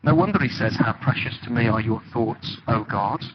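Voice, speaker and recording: Lively preaching man, dull noisy church recording. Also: mid-range voice, normal speed. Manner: conversational, animated storytelling with sudden dramatic emphasis. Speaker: pastor. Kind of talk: sermon. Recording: dull, lo-fi with loud background noise.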